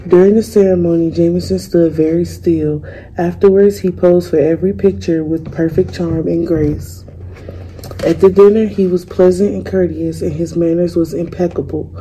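A young woman, a student, reading a picture book aloud in a calm, measured way. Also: fairly low pitch, a little hiss or hum, poor audio. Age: young adult. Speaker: student reader.

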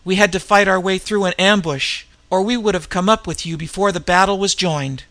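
A man voicing a gruff, loyal bearded northern warrior who grunts his lines in a storybook reading. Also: high-pitched, steady tone, brisk, a bit bright, no room sound.

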